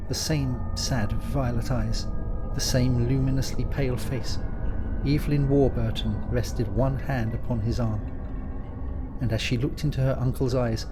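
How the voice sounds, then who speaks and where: A man's voice: medium pitch, background noise. Man reading a gothic ghost story. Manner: measured, dramatic storytelling. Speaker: narrator.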